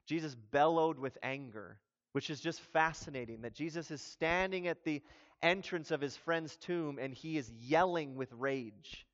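A male pastor preaching a sermon with passion, swinging between emphatic peaks and low, quiet stretches. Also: unhurried. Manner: impassioned, rising to emphatic peaks then dropping low. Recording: long reverb, dull lo-fi sound.

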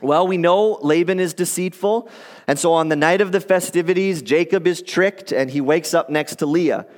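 High-voiced man preaching in a reverberant hall. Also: normal speed. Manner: conversational, animated storytelling with acted quotes. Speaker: pastor. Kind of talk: sermon.

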